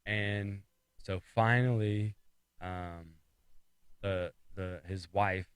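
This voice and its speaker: A man's voice: deep voice, steady tone, extremely slow, clean tone, no room sound, low-quality recording. A man giving a casual devotional talk, retelling a story with restarts and repeated phrases for emphasis. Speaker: speaker of a faith talk series.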